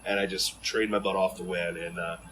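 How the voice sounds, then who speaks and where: A man from Ohio telling stories as a podcast guest in an animated, rambling way full of fillers and restarts. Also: low-pitched, brisk, a little hiss or hum, low-quality recording. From Ohio, USA. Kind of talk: casual storytelling in an interview.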